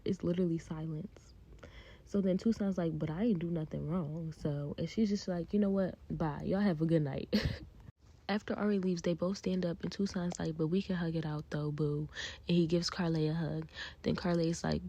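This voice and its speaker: A woman's voice: on the low side, vocal fry, dark tone, breathy edge. A woman casually recapping a reality show, chatty and blunt with her opinions. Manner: chatty, blunt opinions, acts out cast quotes. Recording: dull lo-fi sound.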